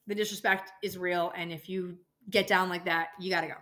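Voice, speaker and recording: A woman's voice: fairly low pitch, little pitch movement, fairly quick, sharp tone. A young adult woman hosting a casual podcast, ranting and swearing freely as she gets worked up. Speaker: podcast host, dental office worker.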